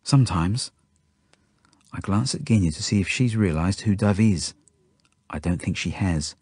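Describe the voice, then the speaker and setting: A man reading his own novel aloud as audiobook narration, in a steady, plain first-person storytelling manner. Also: low-pitched, moderate pace, slightly rough, no room sound, clean studio sound.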